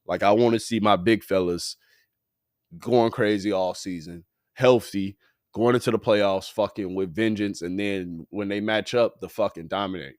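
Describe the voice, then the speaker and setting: A man with a low voice hosts a laid-back sports podcast, sounding a little tired as he rambles in a slangy, profane way. He is recorded dry and close on the mic. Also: fairly even intonation, moderate pace, no room sound. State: tired, yawning. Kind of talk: casual sports talk.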